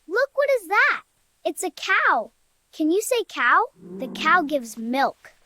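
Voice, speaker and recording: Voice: extremely high pitch, big pitch swings, slow, sharp tone, dry recording, heavily acted. A performer voicing a cheerful little cartoon kid who teaches toddlers animal names in a sing-song way and asks them to repeat the words. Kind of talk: children's educational cartoon narration.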